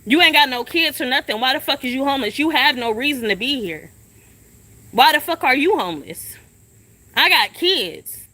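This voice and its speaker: Speaking at a moderate pace, a young livestreamer rants from her phone at an outdoor shelter. She sounds animated, with a high voice and sharp tone, and she is profane and confrontational, asking the same questions again and again.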